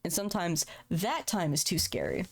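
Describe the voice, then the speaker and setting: Gravelly-voiced woman in her thirties. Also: lowish voice, sing-song, normal speed. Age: 30s. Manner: emotional, frank, swears casually. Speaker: streamer. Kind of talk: candid personal talk on a livestream. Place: home room.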